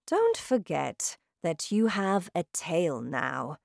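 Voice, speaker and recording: A woman voicing a kind, protective elderly grandmother, speaking slowly and gently. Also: on the low side, big pitch swings, creaky, dry recording, studio quality, full character voice. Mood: gentle.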